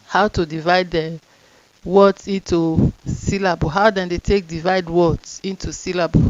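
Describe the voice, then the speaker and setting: Slow Nigerian woman teacher. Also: on the low side, a little mellow, dull audio. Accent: Nigerian Pidgin. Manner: slow, drawn-out sounding of letters and words. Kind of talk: phonics lesson in Pidgin.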